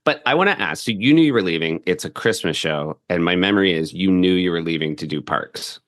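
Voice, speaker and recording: A man's voice: low-pitched, expressive, a little fast. A man in his fifties hosting a podcast, reminiscing and chuckling through casual chat. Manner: warm-hearted, reminiscing, chuckling. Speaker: podcast host. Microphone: studio mic.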